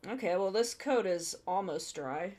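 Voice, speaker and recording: A woman live streamer talks casually while she works with her hands, thinking aloud as she goes. Her pitch swings up and down with animation. She keeps an unhurried, drawn-out pace. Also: expressive, a little mellow. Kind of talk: casual live-stream chat while building a model kit.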